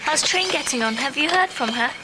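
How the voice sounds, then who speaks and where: A blunt teenage girl in an old TV soap. She talks offhandedly at a fairly high pitch. Clear background noise runs under the clip. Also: lively intonation, brisk. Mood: offhand. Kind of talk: 1990s TV soap acting.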